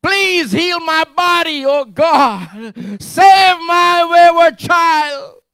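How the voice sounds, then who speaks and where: A man acting out a desperate worshipper who shouts and begs God for help. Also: very slow, gravelly, dry recording, full character voice. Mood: desperate pleading. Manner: shouted, pleading, pitch climbing high.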